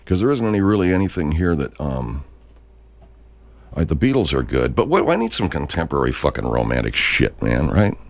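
Sixties male host, deep-voiced, swears and rambles in an off-the-cuff monologue. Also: huge pitch swings, normal speed, gravelly. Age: 60s. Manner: profane, rambling, full of restarts. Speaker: podcast host.

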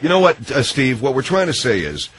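A man's voice: mid-range voice, sing-song, fairly quick, fairly bright tone, husky. A man hosting a radio call-in show, mediating and exasperated. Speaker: radio talk show host.

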